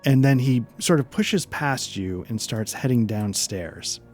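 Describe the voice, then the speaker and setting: A man runs a tabletop game in a middle-pitched voice, wandering through his narration with fillers and restarts. Soft background music plays faintly behind him. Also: lively intonation, measured pace. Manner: rambling, hesitant narration with many fillers. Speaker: game master.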